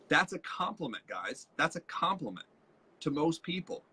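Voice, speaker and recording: A husky, bright-voiced man, a little high, teaches at a moderate pace on a casual live stream where he's co-host and a leadership trainer. His storytelling is animated, with quoted voices.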